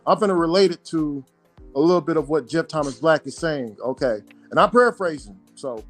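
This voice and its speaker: Halting, higher-voiced man joining a stream. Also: animated, soft background music. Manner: halting, repeats words, drawn-out paraphrasing. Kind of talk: casual chat.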